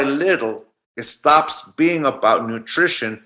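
A man's voice: a little high, expressive, moderate pace, bright, forceful tone. A man in his forties, a guest telling a reflective personal story and often restarting mid-thought. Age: 40s. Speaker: guest speaker.

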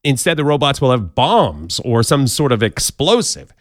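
A man's voice: mid-range voice, big pitch swings, moderate pace, no echo, studio quality. Playful man hosting a jokey podcast. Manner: jokey, playful asides, bouncy delivery. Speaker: podcast host. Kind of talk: casual comedic news countdown.

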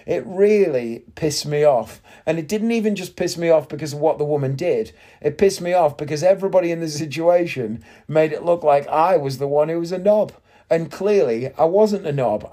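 A man hosts a casual monologue, telling a story in an indignant, sarcastic tone. His voice sits a little higher than most men's. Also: dark tone. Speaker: podcast host.

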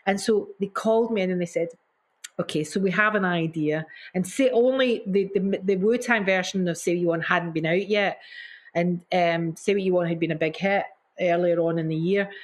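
In a casual interview, a middle-aged singer with a lowish voice speaks at normal speed with fairly even intonation. Effusive and prone to repeating herself, she acts out quotes through gasps and mimicry.

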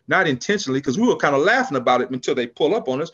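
A man's voice: fairly high pitch, very fast, few pauses, slightly rough, dull audio. A man in his sixties, a business founder from California, telling a story in a casual interview and acting out the people in it. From California, USA. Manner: animated storyteller, acts out quotes, frequent restarts. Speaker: podcast guest, business founder.

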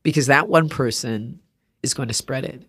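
Her bass voice carries a breathy edge and moves at a moderate pace. She's an artist guesting on a podcast, spinning lively stories in conversation and acting out quoted people's voices.

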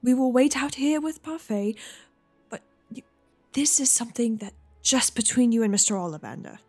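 A tender father figure in a whispered role-play, hushed and earnest, as a woman plays him. Soft music sits under the breathy voice. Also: a little high, normal speed, lightly acted. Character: gentle, solemn father of a young student.

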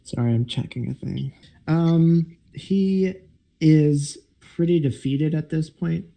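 A man narrates a tabletop game as its game master, pausing often and filling gaps with ums. His voice is low-toned and gravelly, and he takes his time. The delivery stays mellow throughout. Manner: halting, many fillers.

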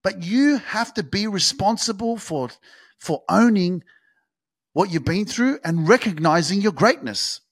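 A man's voice: high voice, lively intonation, moderate pace, husky, no echo, studio quality. A man hosting a podcast, delivering a motivational monologue in an intense, swearing pep-talk style full of repetition and emphasis. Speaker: podcast host.

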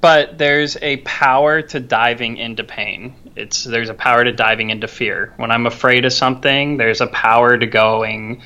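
Bright-voiced man talking earnestly on a podcast. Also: mid-range voice, fairly even intonation, normal speed, hardly any pauses. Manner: earnest, reflective, repeats and restarts phrases. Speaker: podcast co-host. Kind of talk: casual podcast discussion.

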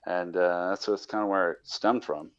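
A man's voice: low-pitched, steady tone, moderate pace, muffled recording. A man guest on a casual podcast, rambling and restarting his sentences. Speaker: caller and guest.

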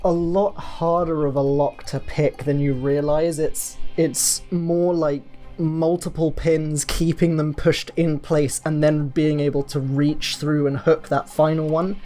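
A game master narrating a tabletop game in a relaxed way, often laughing and explaining the rules in detail. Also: mid-range voice, unhurried, hardly any pauses, soft background music.

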